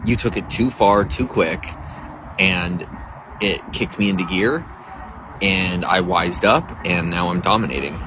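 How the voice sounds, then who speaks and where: Near a coffee shop outdoors, a man hosts a casual livestream, rambling, talking to viewers and reading their chat aloud. His voice sits low and he goes a little slowly, with a noisy background.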